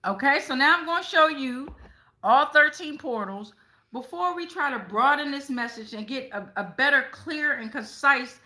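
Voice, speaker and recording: A woman's voice: high-pitched, expressive, moderate pace, bright, forceful tone, poor audio. A woman hosting a casual tarot reading, chatty, often tagging her sentences with "okay?" and swearing now and then. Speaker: tarot reader.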